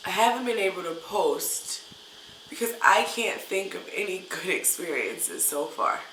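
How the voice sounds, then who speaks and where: A woman's voice: lowish voice, expressive, unhurried, a bit bright, slight background noise. A woman teacher venting in a casual vlog, upset and full of hesitant fillers. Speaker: English teacher. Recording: roomy echo.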